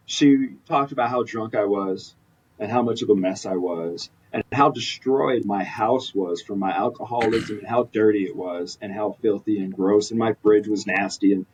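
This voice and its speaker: A man's voice: on the low side, moderate pace, darkish tone, breathy edge. A man candidly recounting a personal story as a podcast guest, earnest and rambling with frequent restarts. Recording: distant mic, dull lo-fi sound.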